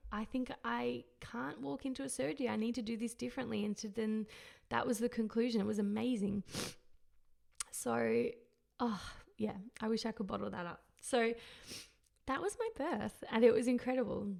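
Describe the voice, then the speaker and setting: A woman's voice: on the high side, gravelly, a little mellow. A woman hosting a podcast, telling a personal story in an emotional, reflective way and often searching for words. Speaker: podcast host.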